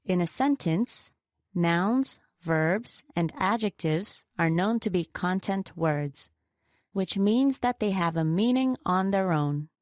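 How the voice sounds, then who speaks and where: A woman teaches word stress in a scripted lesson, with a middle-pitched voice. She says example words slowly and deliberately. The recording is dry and close, with no room echo. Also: a little mellow. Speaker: pronunciation teacher.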